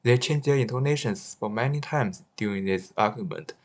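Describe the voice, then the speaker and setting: Halting lowish-voiced man reading a study. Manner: careful, slightly halting, with restarts. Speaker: student presenter. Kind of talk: read-aloud class presentation.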